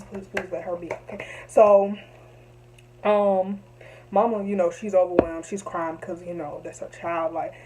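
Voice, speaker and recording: A woman's voice: mid-range voice, warm tone, slight background noise, low-quality recording. A young woman telling a story to camera, emphatic and repetitive, heated at times. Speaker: vlogger.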